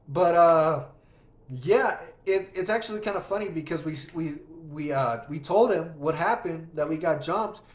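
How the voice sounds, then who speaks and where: Recorded in an echoey room, this young man's fairly high voice moves at a normal speed. He's a vlogger telling a rambling, swear-filled story during gameplay, frequently starting sentences over.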